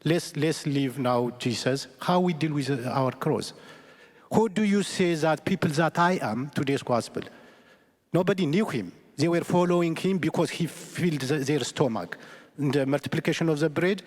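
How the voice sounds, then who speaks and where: Earnest priest with a fairly high voice in a church. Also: male voice, moderate pace. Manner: storytelling, earnest, chuckles between points. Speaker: Catholic priest. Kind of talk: sermon. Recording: long church reverb.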